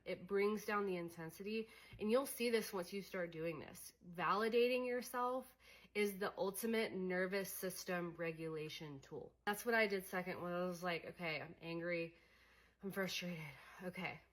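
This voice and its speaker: A woman's voice: medium pitch, normal speed. A young adult woman coaching on emotions in a candid, conversational way, with many fillers. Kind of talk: casual teaching monologue.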